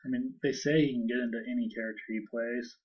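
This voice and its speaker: A man co-hosting a casual podcast, chatting in an animated way and now and then slipping into goofy voices. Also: medium pitch, quick pace, breathy edge. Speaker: podcast co-host. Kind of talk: casual chat. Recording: distant, dull lo-fi mic.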